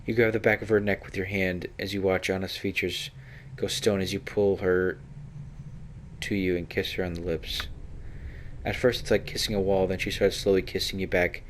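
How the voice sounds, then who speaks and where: A man reads a role-playing game's descriptive text aloud for a playthrough. His delivery is steady and his voice sits low, with a faint noise underneath. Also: normal speed. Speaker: let's play narrator. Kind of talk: reading game text aloud.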